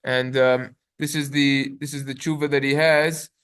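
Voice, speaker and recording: A man's voice: medium pitch, little pitch movement, fairly bright tone, clean tone. A man, a rabbi, gives a halachic lecture, reading sources in Hebrew and translating them with plenty of fillers. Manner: quick, reads sources aloud in Hebrew then translates with many fillers. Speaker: rabbi teaching a class.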